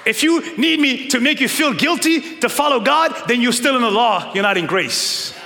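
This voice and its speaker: A male pastor preaching a sermon with emphatic swings from shouting to low, quiet stretches. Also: lively intonation, moderate pace, vocal fry. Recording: long reverb of a large hall.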